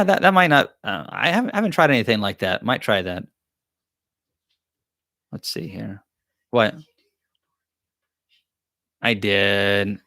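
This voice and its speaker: A man's voice: mid-range voice, bright, forceful tone, no echo, clean studio sound. A man hosts a live-stream Q&A, reading chat questions aloud and answering them in a joking, rambling, self-deprecating way. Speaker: beekeeping channel host.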